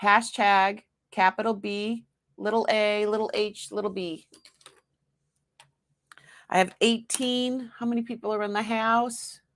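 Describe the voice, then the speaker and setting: A woman with a Boston accent hosts a live-streamed sale. She talks in an unhurried, chatty way and narrates each click as she works, with her pitch sitting in a middle range. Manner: chatty, talks to herself while working the screen; excited squeals when announcing a winner.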